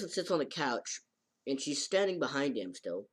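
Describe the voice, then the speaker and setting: A man recaps an episode in a loose, casual way at a middling pitch. He rambles, stops and restarts, and leans on fillers. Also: big pitch swings, moderate pace. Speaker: anime reviewer.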